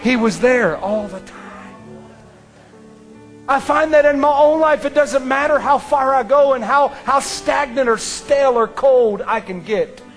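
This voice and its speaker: A man preaching an impassioned sermon, swinging from ringing declarations to hushed near-whispers and repeating his phrases for emphasis. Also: very high-pitched, measured pace. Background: faint music.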